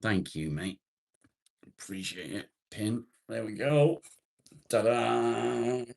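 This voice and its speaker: Slow, low-voiced man chatting live. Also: big pitch swings, vocal fry, a little mellow. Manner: jokey, greets viewers by name, banters. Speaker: livestream host. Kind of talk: casual live chat, reading viewer comments.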